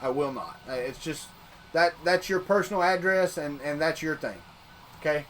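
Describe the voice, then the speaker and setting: A high-voiced man with a Southern US accent, from Florida, talks loosely to his livestream viewers about 3D printing. He rambles and often restarts or repeats words as he works at his printer. A faint hum of room ambience sits behind him. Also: normal speed. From Florida, United States. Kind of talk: casual live-stream chat.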